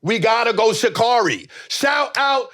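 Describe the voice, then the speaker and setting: High, lively-voiced male podcast host. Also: measured pace. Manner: animated, profane, joking rants. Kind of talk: casual comedic chat.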